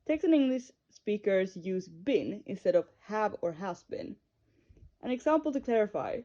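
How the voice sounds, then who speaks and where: A woman's voice: medium pitch, sing-song, moderate pace, dark tone. A young woman reading a school presentation in an earnest, careful way. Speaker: student presenter. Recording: dull lo-fi recording.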